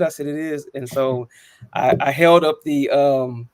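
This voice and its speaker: A man's voice: mid-range voice, fairly even intonation, unhurried, no room sound. A man in his thirties telling personal stories on a panel talk show, earnest and reflective, with frequent ums and restarts. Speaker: co-host.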